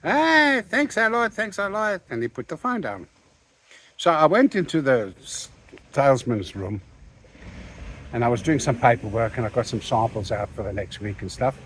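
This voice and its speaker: This older interview guest from South Africa has a medium-pitched voice, a moderate pace and frequent pauses, with a slight hiss or hum in the audio. Animated as he spins his anecdotes, he performs the quoted lines in the voices of the people involved.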